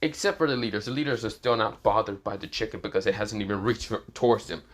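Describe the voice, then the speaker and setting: A man's voice: on the low side, fast. A man rambling through an improvised fan-fiction retelling, full of fillers and restarts as he goes. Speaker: fan story narrator.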